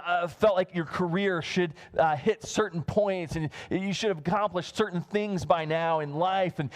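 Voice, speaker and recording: A male pastor in his thirties giving a casual, conversational sermon, full of fillers and restarts. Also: high-pitched. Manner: rambling and self-interrupting, with many fillers and restarts. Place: church livestream.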